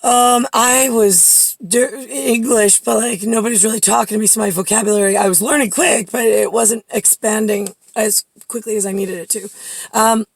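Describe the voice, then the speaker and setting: A woman's voice: fairly high pitch, normal speed, vocal fry, slightly rough, no echo, poor audio. A woman recounting a memory in a rambling monologue, full of fillers and restarts, and later swearing at unseen listeners. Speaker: vlogger.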